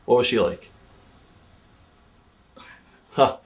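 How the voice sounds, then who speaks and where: A woman interviewing a guest, asking casual questions and chiming in with short affirmations. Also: drawn-out words. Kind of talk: wrestling shoot interview.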